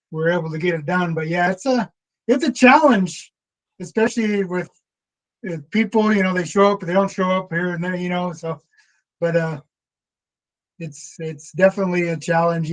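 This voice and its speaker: A man's voice: sits high, low-quality recording. A man who runs cameras and the livestream at his church, chatting easily in a group meeting. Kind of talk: casual group chat.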